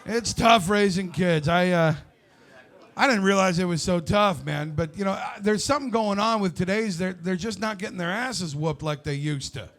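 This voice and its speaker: A man in his forties doing a stand-up comedy set, brash and loud with crude storytelling. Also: sits high, moderate pace. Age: 40s.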